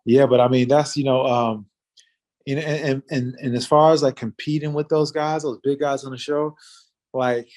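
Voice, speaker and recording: A man's voice: medium pitch, fairly even intonation, normal speed, darkish tone. A man in his forties, a former fighter, telling a story in casual interview talk, loose and rambling with many fillers and restarts.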